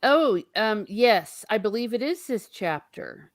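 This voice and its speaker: A woman hosting a casual book discussion, chatty and animated, laughing often and swearing casually. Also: medium pitch, takes it slowly, dry recording. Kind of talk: casual chat.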